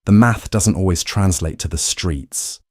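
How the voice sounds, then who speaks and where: Grizzled Brooklyn mobster, read by a man, low and grumbling, patronizing. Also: measured pace, darkish tone, dry recording, studio quality. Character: grizzled thick-necked gangster man, patronizing.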